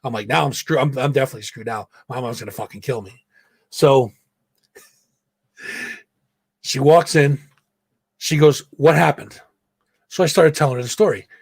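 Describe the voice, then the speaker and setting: Gravelly and husky, this mid-range male voice moves briskly over a dry recording. The podcast host, working from a home studio, tells a story with lots of cursing and acts out the quotes with real animation. His mic is his own, and he mutes it to vape.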